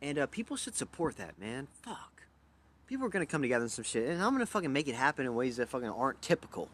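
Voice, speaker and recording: A man's voice: medium pitch, sing-song, quick pace. A young man from Louisiana hosting a livestream, talking in a rambling, profane, erratic way that jumps between topics. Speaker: livestream host. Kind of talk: rambling casual livestream chat.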